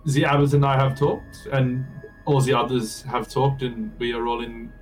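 A man's voice: mid-range voice, flat delivery, normal speed, distant mic, faint music behind, poor audio. A man playing a character in a tabletop game, hesitant and full of restarts. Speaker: player.

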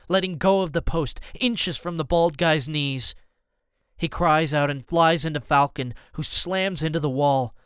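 A man reading a first-person adventure audiobook in a steady, even storytelling manner. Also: a little high, clean tone, no room sound, studio quality. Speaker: audiobook narrator. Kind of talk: scripted first-person narration.

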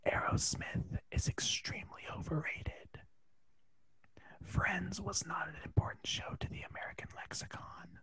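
A man voicing a mischievous male house cat, whispering deadpan non sequiturs in a whispered role-play. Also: sits high, measured pace, rough recording. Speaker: podcast co-host.

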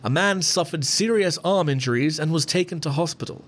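A man putting on a British accent to play a formal male newsreader, reading slowly and evenly. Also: fairly high pitch, lightly acted. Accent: British, put on.

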